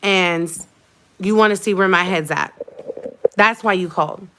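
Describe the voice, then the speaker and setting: Over a noisy background, a young female vlogger speaks in a lowish voice at a measured pace, addressing her livestream audience casually. Her storytelling is heated and emphatic, and she keeps repeating points to hammer them home.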